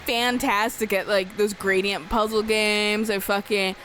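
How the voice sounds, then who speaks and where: A woman's voice: medium pitch, a little slow, a little hiss or hum. A young woman chatting casually while a friend plays a game, telling a story with plenty of swearing and laughter. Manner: swears a lot, laughs often, animated storytelling. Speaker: co-host of a gameplay channel. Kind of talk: casual chat over gameplay.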